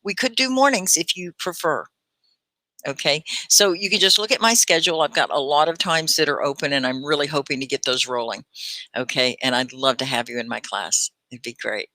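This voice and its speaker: A woman's voice: low-pitched, sharp tone, dry recording. A woman from Texas with a Texan accent, teaching a live online English lesson in an encouraging, instructive way. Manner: encouraging, instructive, slow for learners. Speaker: ESL teacher.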